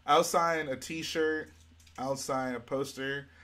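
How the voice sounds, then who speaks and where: A man's voice: medium pitch, slow. Laid-back young man reading chat aloud. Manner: relaxed, reads viewer comments aloud and answers them. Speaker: livestream host. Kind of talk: casual live-stream chat while building.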